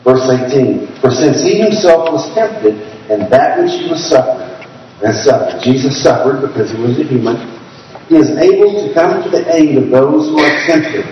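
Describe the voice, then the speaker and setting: A man preaching a sermon in a church sanctuary, slowing down to read scripture aloud and asking the congregation to raise their hands. His voice carries a long reverberant echo, picked up from a distance. The sound is dull and a little muffled, with a faint room ambience underneath. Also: mid-range voice, animated, slight background noise. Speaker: pastor.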